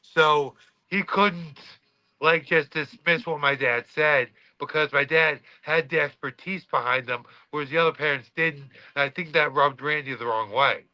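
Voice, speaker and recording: Animated former player telling a story. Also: male voice, a little high, normal speed, dry recording, highs cut off. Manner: animated, swearing storyteller acting out quotes. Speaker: podcast co-host, former college football player. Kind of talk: casual storytelling chat.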